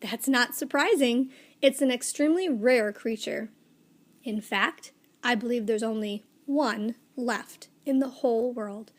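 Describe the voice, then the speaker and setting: A woman's voice: on the high side, a little slow. A woman reading aloud, voicing a cheerful, polite older man who chats about a rare creature with an air of mystery.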